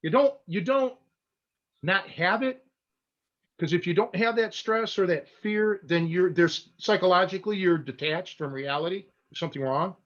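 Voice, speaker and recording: Animated man telling a podcast story. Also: high-pitched, moderate pace, highs cut off. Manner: animated storyteller with many restarts and blunt asides. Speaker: catch wrestling coach and podcast host.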